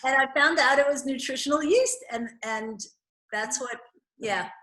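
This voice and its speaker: A woman's voice: sits high, normal speed, a bit bright. A woman co-hosting a talk show over a video call, chatting with enthusiastic agreement. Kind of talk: casual chat. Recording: roomy video call audio.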